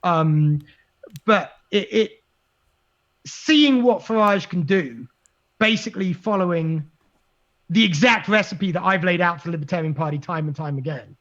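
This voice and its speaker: Male guest, high-pitched, excitable and emphatic, muffled lo-fi audio. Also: measured pace. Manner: animated, emphatic, repeats words while thinking. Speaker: guest, libertarian messaging expert. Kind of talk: casual podcast conversation. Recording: dull lo-fi sound.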